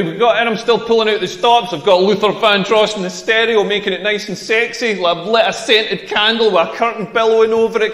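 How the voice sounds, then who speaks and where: This high-pitched, fairly bright voice belongs to a rural Scottish comedian in his forties doing a mocking, crude stand-up routine at a club. He comes across as brash in his delivery, and the space carries a long, roomy reverb.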